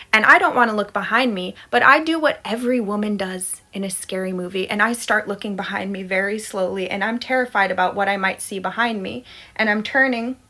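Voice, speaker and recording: A woman's voice: on the high side, bright, forceful tone. A woman in her thirties telling a scary personal story in a casual, dramatic way, acting out her own panic. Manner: dramatic, acts out her panic and quotes her toddler.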